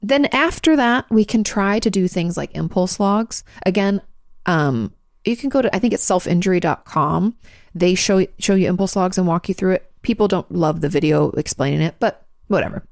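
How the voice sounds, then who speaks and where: Fast-talking woman with a gravelly low voice. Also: a little mellow, no echo, clean studio sound. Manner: fast, chatty, frank, swears casually. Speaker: host answering listener questions. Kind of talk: casual advice talk.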